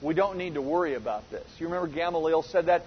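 A man with a high, slightly husky voice leads a verse-by-verse Bible lesson. He talks earnestly, asks rhetorical questions and often restarts his sentences. The recording is dull and lo-fi, with a long hall reverb. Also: fast. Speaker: Bible teacher.

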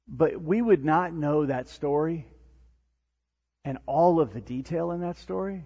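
Pastor guy preaching, kinda husky, gets loud then goes hushed, long echo off a big hall, muffled sound. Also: measured pace. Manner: animated preaching, rising to near-shouts then dropping low and soft. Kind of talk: sermon. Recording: dull lo-fi sound in a reverberant hall.

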